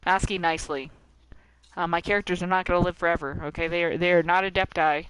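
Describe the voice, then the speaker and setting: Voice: mid-range voice, steady tone, fast talker, a bit bright, smooth, no echo, low-quality recording. A game streamer commentating live with playful drama and talking to the characters on screen.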